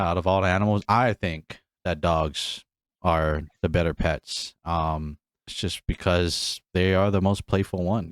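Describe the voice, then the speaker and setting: A man's voice: low voice, no room sound. A man co-hosting a casual podcast chat, laid-back and joking. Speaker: podcast co-host.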